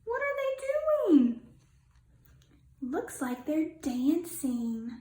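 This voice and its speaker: A woman teacher reading a picture book aloud to children in an animated storyteller way, asking them questions along the way. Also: high voice. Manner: animated storyteller, asks children questions, stretches lines slowly. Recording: roomy echo.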